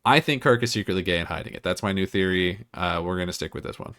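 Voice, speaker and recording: Low-voiced joking young man. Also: fast talker, fairly bright tone. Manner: rambling, joking, irreverent. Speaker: podcast co-host. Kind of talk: casual chat, episode review.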